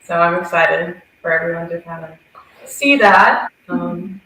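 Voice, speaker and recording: A woman in the cast talking about her role in a measured, thoughtful way. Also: lowish voice, pushed and bright. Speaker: actor in the play. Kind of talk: cast interview answer. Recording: very echoey room.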